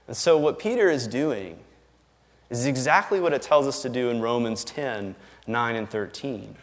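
A man delivers a sermon in a relaxed, conversational manner that builds into firm, emphatic declarations. His voice sits at an ordinary middle pitch for a man. The sound rings out with the long reverb of a large hall. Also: normal speed. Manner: conversational and emphatic, tags lines with "right?" and chuckles. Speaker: pastor.

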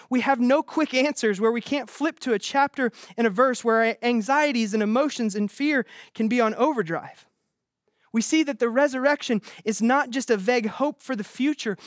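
A man preaching an earnest, emphatic sermon as pastor, with quick restarts. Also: very high voice, dry recording, clean studio sound.

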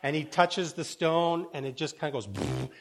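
A man's voice: a little high, steady tone, moderate pace. Give me an enthusiastic, rambling male preacher. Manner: enthusiastic, rambling, many repeated words. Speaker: pastor. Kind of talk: sermon.

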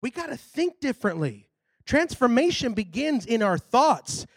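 The recording is dry as a man with a very high, gravelly voice delivers a church sermon at a moderate pace. He tells a story in a relaxed, lively way, eventually rising into loud, shouted exhortations.

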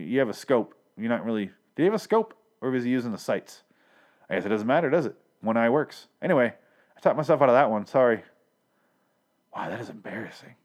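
A man hosting a podcast, recapping a TV episode in a rambling, sarcastic, profane monologue full of self-corrections. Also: mid-range voice. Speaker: podcast host reviewing a TV episode. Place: Los Angeles.

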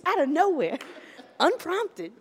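A woman's voice: very high voice, wildly swooping pitch, slow pace, long reverb tail, a little hiss or hum. A woman hosting a podcast and comedy chat, telling stories with dry, sarcastic humor. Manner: wry, sarcastic storytelling. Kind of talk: casual chat.

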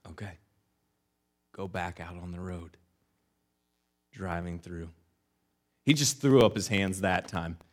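A male pastor telling a self-deprecating story in a sermon, animated and acting out the lines, speaking in a church. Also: low voice, takes it slowly, long pauses.

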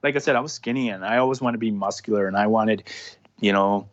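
A man's voice: fairly low pitch, fast talker. A man in his thirties, a former hockey player, chatting casually as a podcast guest, rambling with many restarts and fillers. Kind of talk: casual interview chat. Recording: dull lo-fi sound with faint noise.

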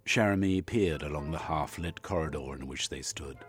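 A man narrating an audiobook with measured, expressive storytelling. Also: a bass voice, soft background music. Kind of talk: audiobook reading.

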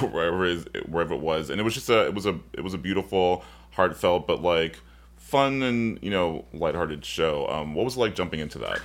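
A man's voice: low voice, animated, a little fast. A man hosting a podcast, chatty and effusive, with casual slang. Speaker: podcast host. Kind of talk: casual interview talk.

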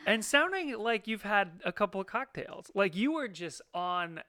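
A man in a casual chat as a new father, talking in excited, rambling bursts with lots of "like" and the odd swear word. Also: high voice, moderate pace, no echo.

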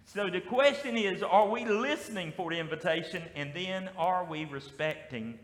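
A man with a Southern US accent preaching a sermon as pastor, with lively call-and-response. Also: high-pitched, normal speed. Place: church sanctuary. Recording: echoey hall with long reverb.

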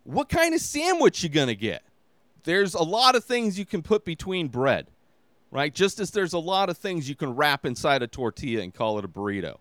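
A man's voice: a little high, sing-song, moderate pace, fairly bright tone, no room sound. A man hosting his own podcast, giving a casual movie review in a rambling, exasperated way with lots of filler words. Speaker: podcast host.

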